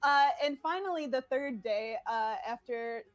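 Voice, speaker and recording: A woman's voice: fairly high pitch, measured pace, dry recording. A woman appearing as a podcast guest, chatting casually and trailing off with fillers. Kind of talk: casual chat.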